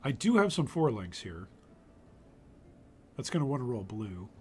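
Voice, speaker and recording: Thinking aloud during live play, this gaming streamer gives casual commentary that trails off, his voice wearing thin as it gives out. He speaks unhurriedly in a mid-range, slightly mellow voice with a breathy edge and big pitch swings.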